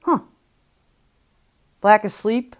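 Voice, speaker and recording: A woman's voice: medium pitch, drawn-out words, a little hiss or hum. A woman hosting a reaction video, commenting casually with musing, speculative asides.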